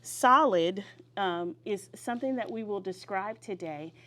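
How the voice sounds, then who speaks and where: A woman teaching young children vocabulary in a classroom, leading them in call-and-response. She draws words out and praises each answer. Her voice sits at a middle pitch over a faint hiss. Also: animated, measured pace, pushed and bright.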